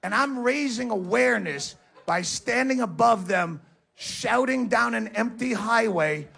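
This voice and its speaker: Gravelly ranting comedian man on stage. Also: very high voice, lively intonation, measured pace, fairly bright tone, slight background noise. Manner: ranting, sarcastic, profane. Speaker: stand-up comedian. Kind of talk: stand-up comedy set. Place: live comedy venue with audience. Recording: live stage recording with crowd.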